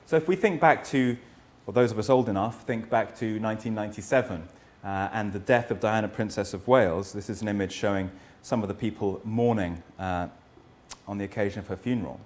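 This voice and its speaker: A middle-aged historian delivers an academic lecture in a lowish, slightly mellow voice. He is earnest and thoughtful, poses rhetorical questions, and frequently hesitates and restarts his sentences.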